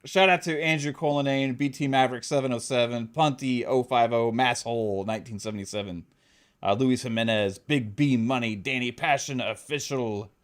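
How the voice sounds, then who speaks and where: Picture a laid-back man hosting a podcast, chatting casually and cracking jokes. He laughs easily, and his pitch sits in the middle, neither high nor low. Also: normal speed. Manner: laughs often, reads chat shout-outs, joking. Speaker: podcast host.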